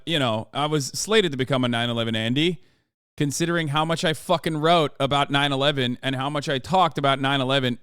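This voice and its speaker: A man's voice: mid-range voice, a bit bright, clear, resonant tone, dry recording, studio quality. An American man in his thirties, a streamer ranting through livestream commentary, swearing constantly and exasperated.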